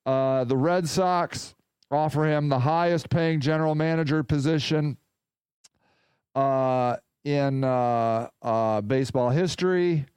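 A man hosting a casual podcast, rambling and excitable, talking in bursts into a close mic. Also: fairly high pitch, slow, clean tone, dry recording. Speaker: podcast host.

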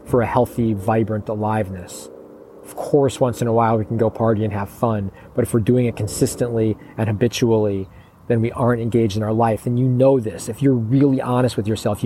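A man's voice: on the low side, dark tone, slight background noise, low-quality recording. A man coaching in a motivational monologue, blunt and profane, pressing his points with urgent, pleading emphasis. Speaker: men's coach.

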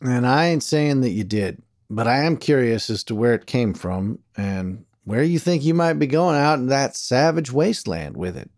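Steady frontier sheriff, drawling and firm, voiced by a male narrator, audiobook western. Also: medium pitch, normal speed, few pauses, no room sound, studio quality. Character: gruff, steady frontier sheriff, middle-aged man.

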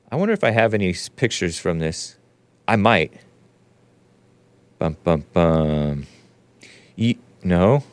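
A man's voice: fairly low pitch, no echo. A man hosting a talk show, commenting sarcastically in a rambling, casual way, often laughing at his own remarks. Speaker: show host.

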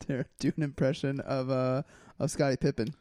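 A man's voice: mid-range voice, flat delivery, normal speed, mellow, no room sound. A man co-hosting a podcast in casual chat, laughing often and bantering easily. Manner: laughs a lot, easygoing banter. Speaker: podcast co-host.

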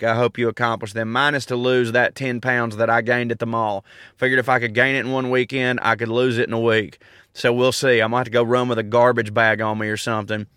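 A man's voice: medium pitch, pushed and bright, smooth, no echo, studio quality. A man in his thirties with a Southern accent, joking and rambling through a casual outdoor monologue as a podcast host. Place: outdoors in a park.

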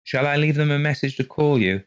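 Male reader voicing a nervous, polite young mother; pitch pushed up, hesitant and stammering. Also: brisk, clean tone, close to an everyday voice. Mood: anxious polite.

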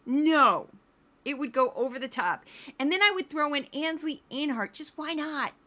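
Bright, high-voiced sarcastic woman. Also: moderate pace. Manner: sarcastic and animated, slips into voices. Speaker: podcast host. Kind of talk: comedic political commentary.

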